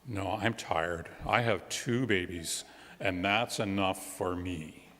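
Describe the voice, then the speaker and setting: Man doing a slow, weary mother of twins. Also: low-pitched, fairly bright tone, big-room sound. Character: tired young mother of twins.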